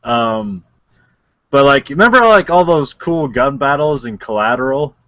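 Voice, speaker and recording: A man's voice: medium pitch, lively intonation, unhurried, sharp tone, no echo. A man co-hosting a podcast, retelling a movie in casual chat, rambling with lots of filler words and frequent laughs. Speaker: podcast co-host.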